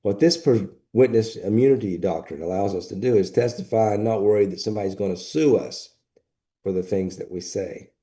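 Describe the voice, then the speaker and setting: Male instructor, dark low voice, plain repetitive lecture delivery. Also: brisk. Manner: plain, matter-of-fact, repeats points. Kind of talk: recorded lecture.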